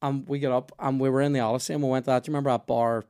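A man's voice: mid-range voice, flat delivery, racing, a little mellow, smooth. A man with a Northern Irish accent, hosting a podcast and telling stories in casual, swearing chat. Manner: swearing, storytelling, laughs often. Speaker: podcast host.

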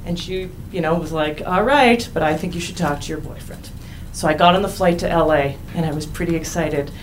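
A woman's voice: low-pitched, fairly quick, slight background noise, rough recording. A young woman telling a candid personal story on stage, wry and laughing at herself.

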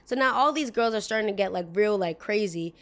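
A woman's voice: mid-range voice, brisk. A young woman hosts a podcast and spins a long personal story in a loose, chatty way. She leans on "like" constantly and slips into the voices of the people she quotes. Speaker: podcast host.

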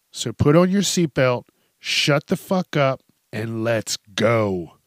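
A man's voice: on the high side, gravelly, a bit bright, no room sound, studio quality. A man hosting a podcast, ranting bluntly in casual chat, swearing freely and laughing often. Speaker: podcast host. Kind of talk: casual solo rant.

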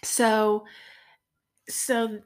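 A middle-aged woman speaking as a podcast guest in a heartfelt faith conversation, earnest and soft-spoken. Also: a little high, little pitch movement, extremely slow.

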